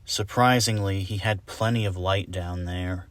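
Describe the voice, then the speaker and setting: Low, unhurried male storybook reader, soft and deliberate delivery. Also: steady tone. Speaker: audiobook reader. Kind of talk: storybook narration.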